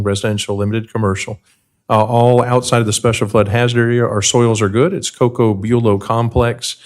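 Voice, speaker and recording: Man rattling off a staff report. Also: mid-range voice. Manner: rapid-fire briefing, self-described auctioneer pace. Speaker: county planning staff presenter. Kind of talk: staff report at a public board meeting. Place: public meeting room.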